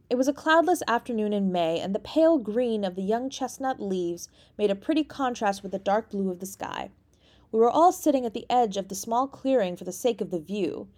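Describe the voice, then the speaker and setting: A woman audiobook reader narrating a classic story in a measured, even way. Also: medium pitch. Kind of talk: scripted narration.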